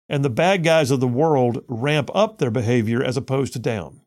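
A man's voice: mid-range voice, fast talker, hardly any pauses, a little mellow. A man hosting a conservative talk radio show, reading listener messages aloud and giving blunt, opinionated commentary with frequent restarts.

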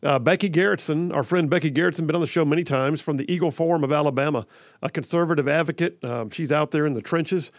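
A man hosting a talk radio show in a studio, in an energetic, folksy, chatty way. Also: fairly high pitch, fast talker, dry recording.

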